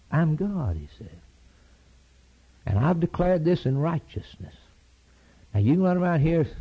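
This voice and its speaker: A man preaching a sermon in a rhythmic, repeating cadence. His voice leaps to loud, high peaks and then sinks low and quiet. It is a middle-pitched voice on a dull, lo-fi recording. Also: breathy edge. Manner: impassioned, rising to shouted peaks then dropping low.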